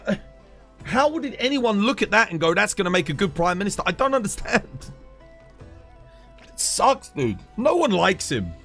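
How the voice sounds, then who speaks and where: A British man in a live stream, ranting with a fairly high, very lively voice that swings up and down as he gets worked up. He swears freely and drops "dude" into nearly every thought. Faint game music plays behind him. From United Kingdom. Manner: heated, swears a lot, keeps saying "dude". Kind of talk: casual live-stream rant.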